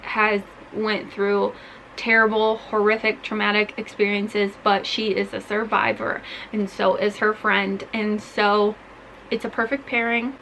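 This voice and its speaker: A young woman, a book vlogger, chats casually about book recommendations, gushing and filling her speech with "like." Her mid-range voice is level, a little slow, and fairly bright, on a low-quality recording with slight hiss or hum.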